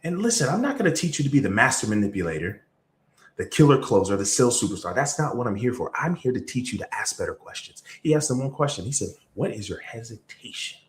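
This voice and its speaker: A man coaching on sales, telling stories in a motivational talk, energetic, with sudden jumps in pitch and loudness. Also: quick pace. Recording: roomy echo.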